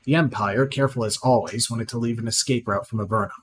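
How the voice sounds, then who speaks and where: A man reading out the lines of a proud, scornful female sorceress in a video game, plainly and with small slips, over clear background noise. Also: medium pitch, quick pace, lightly acted.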